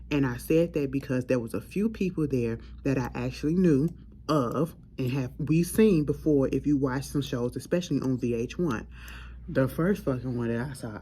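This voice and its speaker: A woman with a low, warm, relaxed voice talks through reality TV drama in blunt, profane casual chat. She tells it in an animated, storytelling way. A faint hum sits under her voice. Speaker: host.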